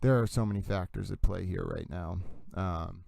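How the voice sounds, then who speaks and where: A man's voice: low-pitched, normal speed, creaky, darkish tone, no echo. A man hosting a channel and giving casual, rambling commentary on court videos, often breaking off mid-sentence. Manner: rambling, self-interrupting. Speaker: host.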